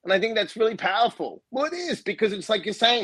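Brief: male interview guest, higher-pitched, intense and emphatic, dry close sound. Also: big pitch swings, fast talker, a bit bright, husky, no room sound. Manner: emphatic, intense, repeats himself for stress. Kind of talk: casual interview chat.

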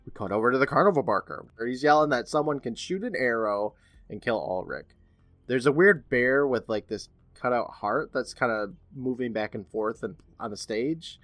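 A man's voice: medium pitch, normal speed, dry recording, soft background music. A man co-hosting a podcast, retelling a TV episode in casual chat and putting on voices for the characters he quotes. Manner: animated storyteller, puts on voices for quoted characters. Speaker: podcast co-host recapping an episode.

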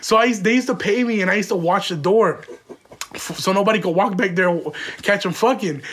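A man's voice: sits high, a little fast, fairly bright tone. A man telling a rambling, profane comic story from his own life in casual slang, full of "like" fillers. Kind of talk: comedic storytelling.

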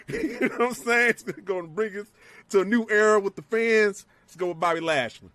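Brief: high, bright-voiced excitable man, swears freely, casual co-host chat. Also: normal speed. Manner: excitable, profane, acts out moments with yells. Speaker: wrestling show co-host.

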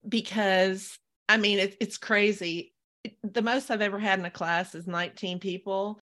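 A woman with a bright, crisp voice, telling her story as a podcast guest. She talks in an animated way, with laughter slipping in. Her pitch sits in a middle range. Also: moderate pace. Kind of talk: casual interview storytelling.

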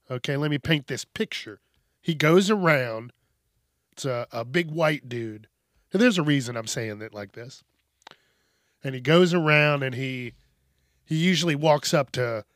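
A man hosting a casual solo news podcast, telling stories in a profane, animated way. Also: fairly high pitch, gravelly, no echo, studio quality. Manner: profane, animated storytelling with rants. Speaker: podcast host.

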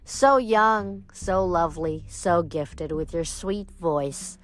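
A woman reading aloud, voicing a bitter, vengeful ancient female water nymph in a slow, menacing way. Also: fairly low pitch, soft background music.

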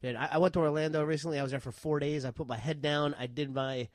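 A man's voice: a little high, steady tone, quick pace, no echo, clean studio sound. A man co-hosting a trivia podcast, posing questions in casual chat with some hesitant restarts. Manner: hesitant, restarts while quizzing. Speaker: podcast co-host, quizmaster.

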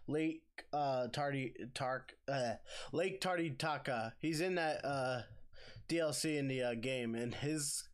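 A man's voice: mid-range voice, takes it slowly. Young-sounding man rambling casually. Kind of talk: casual chat.

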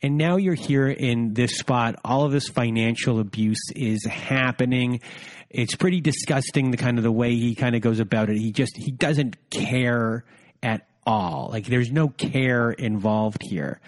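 Slow, deliberate male podcast host. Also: mid-range voice. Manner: deliberate, searching for words. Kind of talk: interview questions.

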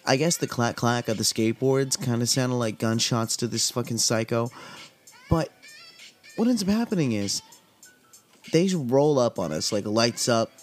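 A man's voice: mid-range voice, lively intonation, moderate pace, soft background music. A young man from Southern California's desert valley, casually telling a podcast story in a laid-back, profane, filler-heavy way. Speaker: podcast host.

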